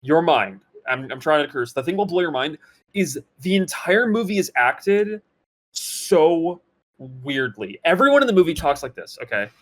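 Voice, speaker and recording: A man co-hosting a casual gaming podcast, telling a story in an animated way with many fillers and restarts. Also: fairly high pitch, moderate pace. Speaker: podcast co-host. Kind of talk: casual chat.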